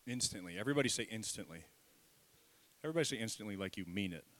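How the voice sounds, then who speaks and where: A middle-aged man preaching a sermon in a church, lively and self-deprecating, leading the congregation in call-and-response. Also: on the low side, fast. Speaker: pastor. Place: church sanctuary.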